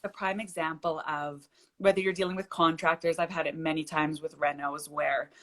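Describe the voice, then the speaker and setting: A woman's voice: sits low, moderate pace. A young woman, a shop owner, telling a story as a guest on a video-call interview, acting out the people she quotes. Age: young adult. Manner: animated storyteller, acts out quoted dialogue.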